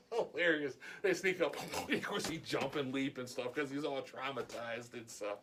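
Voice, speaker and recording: Male vlogger, relaxed and chatty, chuckles through his storytelling. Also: mid-range voice, moderate pace, a little hiss or hum. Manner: chuckling often, laid-back and chatty. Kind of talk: casual storytelling.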